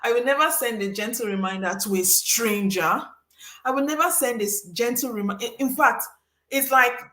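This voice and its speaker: A woman from Nigeria hosting a casual chat, telling stories in an animated, exclamatory way. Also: a little high, normal speed, reverberant. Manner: animated, exclamatory storytelling with laughs. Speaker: host.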